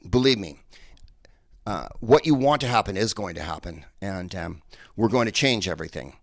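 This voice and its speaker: A man's voice: mid-range voice, a bit bright, dry recording, clean studio sound. A man doing a stand-up comedy set, rambling with lots of hesitant fillers.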